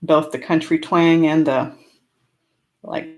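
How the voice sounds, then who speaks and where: Slow and low, with fairly even intonation, this woman hosts a homesteading channel's casual live-stream Q&A. She's from California, has a slight rural American twang, and replies to chat in a chatty, upbeat manner punctuated by frequent laughs.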